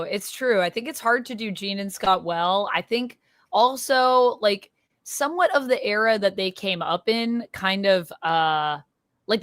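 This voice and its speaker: A woman's voice: medium pitch, no room sound. A woman hosting a casual comics livestream, talking chattily with many fillers. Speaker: livestream host. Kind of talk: casual chat.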